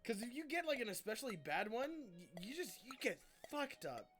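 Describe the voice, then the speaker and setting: A woman's voice: fairly high pitch, sing-song, brisk, a bit bright, soft background music. A woman chatting casually on a stream as game master, laughing often and swearing freely.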